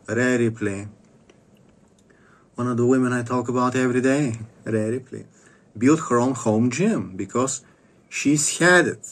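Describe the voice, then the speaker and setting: A man at middle pitch talking straight to the camera in a rambling, profane monologue. He is blunt and crude and keeps clearing his throat, with a cough still lingering. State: coughing after a dental visit. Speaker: self-help vlogger.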